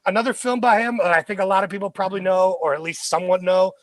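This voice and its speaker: A man co-hosting a podcast chats enthusiastically about movies, acting out favorite quotes and laughing as he delivers the lines. His voice sits high and steady, he talks fast, and the recording is dry.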